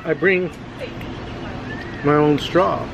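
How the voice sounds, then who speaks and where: Man, slightly high voice, jokey casual vlog, outdoor background noise. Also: extremely slow, vocal fry, dull audio. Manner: jokey, chatty, talks to viewers. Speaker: vlogger. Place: outdoors at a zoo.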